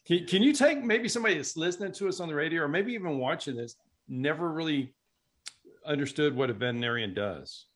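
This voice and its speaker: A man's voice: on the high side, expressive, fast talker, fairly bright tone. A man hosting a radio interview, enthusiastic and encouraging toward his guest. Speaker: radio show host.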